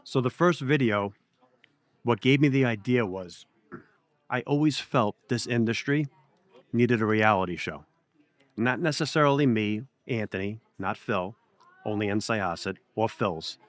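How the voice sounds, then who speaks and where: A man's voice: lowish voice, measured pace, dry recording. A man, a pizzeria owner telling blunt, profane stories in a casual interview. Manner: blunt, swears freely, animated storyteller.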